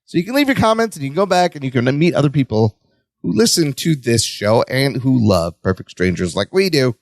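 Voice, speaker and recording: A man's voice: brisk, no room sound, studio quality. A man co-hosting a podcast, chatting casually as he recaps a sitcom episode and acts out bits of dialogue. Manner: animated, acts out lines in a high whiny voice. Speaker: podcast co-host.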